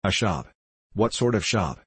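A man's voice: lowish voice, very animated, a little slow, a bit bright, slightly rough, dry recording, exaggerated voice. A man reading a mocking, guttural foreign diplomat. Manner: mocking, condescending. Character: scheming, contemptuous male foreign diplomat. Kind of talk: audiobook character reading.

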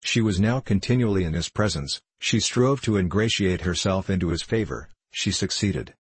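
A man's voice: low-pitched, moderate pace, slightly rough, dry recording. A man reading the part of an anguished young novice monk, in an impassioned, faltering, pleading voice.

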